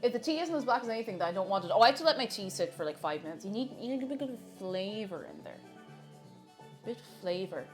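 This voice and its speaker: A woman's voice: medium pitch, animated, quick pace, faint music behind. A woman chatting casually while baking live in her kitchen, laughing often and reading out chat messages.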